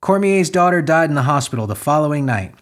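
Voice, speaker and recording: A man hosting a comedy podcast, reading news stories aloud and riffing on them with crude, sarcastic jokes and sudden loud outbursts. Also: fairly high pitch, lively intonation, fast talker.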